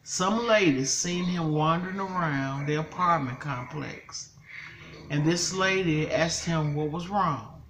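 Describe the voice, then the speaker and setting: A woman's voice: low-pitched, slow pace, noisy background. An older woman, a grandmother, telling an upsetting story in casual chat, tearful and angry by turns. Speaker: vlogger.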